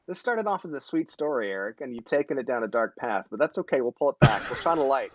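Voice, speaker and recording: A man's voice: mid-range voice, very animated, quick pace, a little hiss or hum. A man in his forties hosting a casual live-stream chat, rambling and joking, often correcting himself mid-sentence. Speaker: host.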